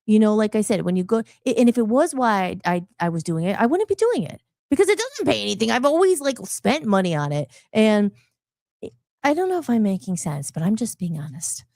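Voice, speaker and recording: A woman's voice: medium pitch, big pitch swings, a little fast, a little mellow, no room sound, clean studio sound. An American woman hosting a talk radio show, speaking candidly in a rambling, emotional way with many restarts. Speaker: radio show host and musician.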